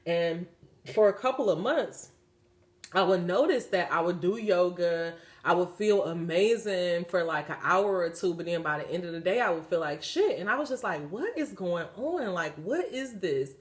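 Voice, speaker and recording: A woman's voice: on the low side, moderate pace. A woman giving a spiritual card reading, switching between reading card texts and chatty asides full of "like". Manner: chatty, leans on "like" fillers when speaking off the cuff. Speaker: oracle card reader.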